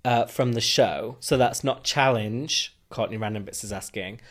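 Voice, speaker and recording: A man's voice: medium pitch, moderate pace, fairly bright tone. A man co-hosting a podcast in casual chat, laughing often and reading listener questions aloud. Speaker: podcast co-host.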